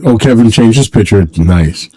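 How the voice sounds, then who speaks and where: Rambling mellow-voiced man livestreaming. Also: fairly low pitch, animated, low-quality recording. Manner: rambling, halting, many restarts; emotional, sentimental. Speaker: livestream host. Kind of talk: casual solo livestream chat.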